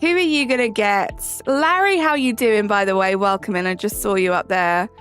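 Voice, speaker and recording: A woman's voice: medium pitch, fairly quick, fairly bright tone. A young English woman streaming live, chatting with viewers and greeting them by name, her sentences rising at the ends. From England. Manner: bubbly, greets chatters by name, sing-song rising endings. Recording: faint music behind. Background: faint background music.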